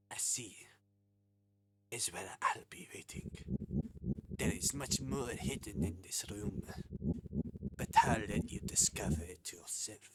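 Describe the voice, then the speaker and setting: A man voicing a hungry, pompous French gourmet, reading game dialogue aloud in a hammy mock French accent with drawn-out words. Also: lowish voice, fairly bright tone, breathy edge, heavily acted.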